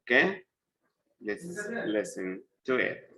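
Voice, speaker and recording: A man teaching an English lesson, explaining number stress and switching into quick Arabic asides for his students. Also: on the low side, big pitch swings, sharp tone, slight background noise, rough recording.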